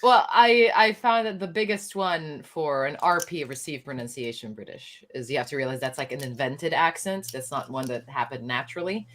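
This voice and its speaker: A woman hosting a casual chat, animated and laughing often as she talks through ideas. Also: deep voice, moderate pace, hardly any pauses, slight background noise.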